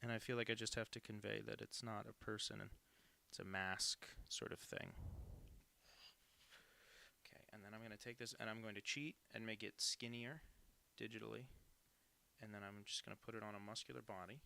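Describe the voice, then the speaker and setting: A man's voice: on the low side, steady tone, fairly quick, creaky, long pauses, pushed and bright, clean tone. A young man in his twenties, a cartoonist on a live stream, chatting casually and self-deprecatingly while he draws and reads out viewers' messages.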